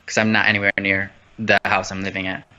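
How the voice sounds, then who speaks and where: Bright rambling man on a phone livestream. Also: deep voice, monotone, fast, clean tone. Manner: rambling, playful, loses his train of thought. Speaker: host. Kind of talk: casual livestream chat. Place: an empty new house. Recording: slightly dull lo-fi phone stream audio.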